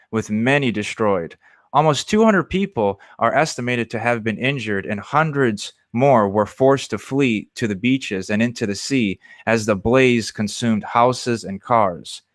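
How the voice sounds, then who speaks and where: A podcast co-host reads news items aloud in an even, plain manner, then chats about them. His mid-pitched voice is dry and close-miked. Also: no echo. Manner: steady, plain news-reading delivery. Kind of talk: reading news aloud, then casual chat.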